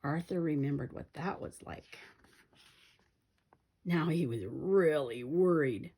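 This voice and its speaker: A woman's voice: takes it slowly, breathy edge. A woman reading a children's picture book aloud, giving the characters different voices. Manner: lively, voices characters with pitch jumps. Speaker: storybook reader.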